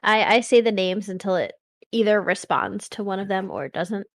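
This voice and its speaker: A woman's voice: mid-range voice, no room sound, studio quality. A woman playing a tabletop game, talking in a casual, chatty way with many likes. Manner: casual, chatty, quick to laugh. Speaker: player.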